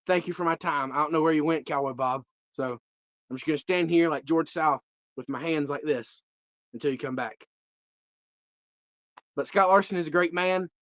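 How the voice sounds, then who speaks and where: A man's voice: fairly high pitch, normal speed, pauses often, dry recording. A man, guesting on a livestream and making an earnest, rambling appeal for a friend. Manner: earnest, rambling plain talk. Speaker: podcast host, guest on the stream. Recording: dull, dry stream audio.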